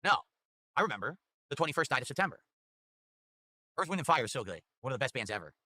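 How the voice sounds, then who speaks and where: A man streaming, answering chat questions in a rapid, matter-of-fact way. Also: medium pitch, sing-song, pushed and bright, no room sound. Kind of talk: live-stream chat reading.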